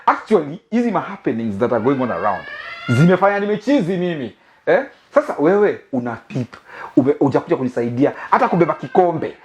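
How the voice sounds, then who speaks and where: Kenyan male host, young adult, comic storyteller, lively swooping pitch, laughs a lot. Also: fast. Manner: animated, laughing, mixes English and Swahili slang. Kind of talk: comic monologue. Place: living room of a new house.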